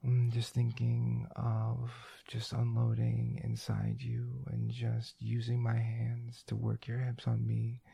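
A man's voice: mid-range voice, completely flat delivery, slow, hardly any pauses, dark tone, dry recording. A man in whispered role-play, talking in intimate, murmuring tones that often drop to a whisper. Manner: intimate, breathy murmuring with frequent whispers and profanity. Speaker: erotic audio performer. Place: room indoors.

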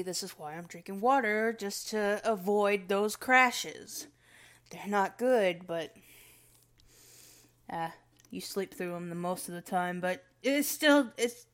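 A woman's voice: medium pitch, a bit bright. A woman reviewing sodas in a rambling, self-correcting casual monologue, her words a little slurred. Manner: rambling, restarts often, talks to herself; slightly slurred. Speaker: soda review vlogger.

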